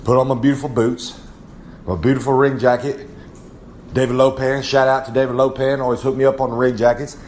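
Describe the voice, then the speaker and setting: Casual and a little fast, a young wrestler speaks in a mid-range, level, slightly mellow voice with a Southern American accent, over slight background noise. In a rambling, folksy drawl he gives a podcast segment from his trailer at home, calling himself by name in the third person.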